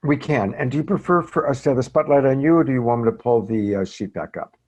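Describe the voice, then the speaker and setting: A man coaching a training group over a video call, speaking in a gentle, encouraging, affirming way. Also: mid-range voice, fast, dull audio.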